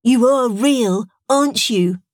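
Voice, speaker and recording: A woman voicing a young, excitable male alien sea creature who talks in an eager, pleading way. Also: on the high side, takes it slowly, no echo, clean studio sound, pitched above the performer's own voice.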